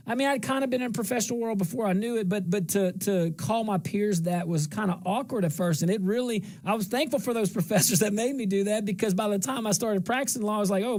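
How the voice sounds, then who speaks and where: A middle-aged talk show host with a central Louisiana twang, speaking in a fairly high register. He talks in a loose, folksy way and circles back to repeat his points for emphasis. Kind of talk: solo talk show monologue.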